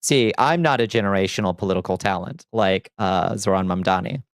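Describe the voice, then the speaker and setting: A man's voice: low voice, brisk, background noise. A man chatting on a casual livestream, reading chat aloud and answering in a chatty, sardonic way, on a close desk mic. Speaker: streamer.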